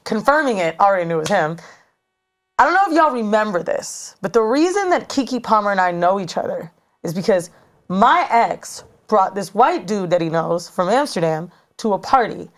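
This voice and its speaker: Animated storytelling woman podcaster. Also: mid-range voice, moderate pace. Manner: animated, slangy, dramatic retelling. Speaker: podcast co-host. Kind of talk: casual storytelling. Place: studio.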